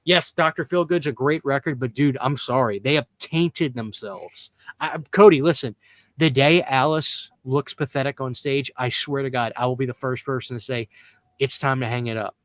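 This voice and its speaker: A man's voice: mid-range voice, normal speed, fairly bright tone, no room sound. A man hosting a podcast in casual chat, ranting bluntly and emphatically with plenty of profanity. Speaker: podcast host.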